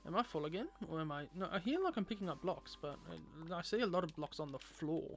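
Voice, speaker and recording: A man's voice: fairly high pitch, expressive, fast talker, fairly bright tone, soft background music. A man streaming a game, chatting casually with viewers and rambling aloud with lots of fillers.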